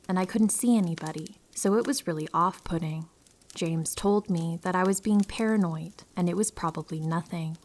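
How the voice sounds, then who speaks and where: Soft-spoken woman reading horror stories. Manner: calm, low-key reading with hushed whispery stretches. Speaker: narrator reading listener stories. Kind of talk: soft scripted storytelling for sleep.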